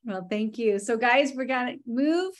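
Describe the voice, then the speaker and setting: A woman's voice: a little high, animated, unhurried. A woman hosting a casual team video call, talking in a gushing, enthusiastic, chatty way.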